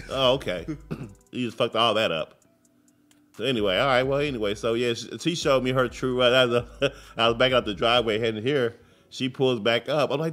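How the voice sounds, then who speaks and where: A man's voice: mid-range voice, fast talker, a bit bright, soft background music. A man in his thirties co-hosting a casual talk show, telling profane stories and mimicking voices. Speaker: co-host.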